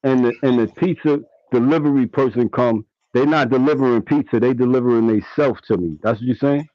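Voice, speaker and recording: A man on a call in a debate, patiently explaining and urging calm. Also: mid-range voice, a little fast, no room sound. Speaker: debate participant. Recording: dull lo-fi call audio.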